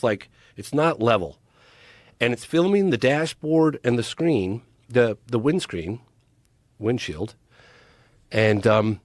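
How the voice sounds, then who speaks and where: A man telling a long story as a podcast guest, animated and emphatic, acting out the people he quotes. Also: mid-range voice, no echo, studio quality. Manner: acts out quoted voices, emphatic.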